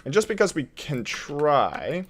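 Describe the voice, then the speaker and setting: A male streamer at his home desk talks through his build in unhurried, casual commentary. His pitch rises and falls a lot as he thinks aloud, reads chat and chuckles. Faint keyboard typing sits in the background. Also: sing-song, slight background noise. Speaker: game streamer.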